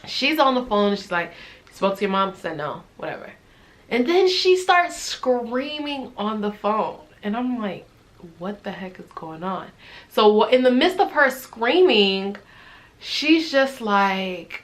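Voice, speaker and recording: A woman's voice: medium pitch, unhurried. A young adult woman vlogging, casually telling a personal story and acting out the dialogue she quotes. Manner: animated retelling that acts out quoted dialogue; conversational, with frequent "I'm like" and "right?".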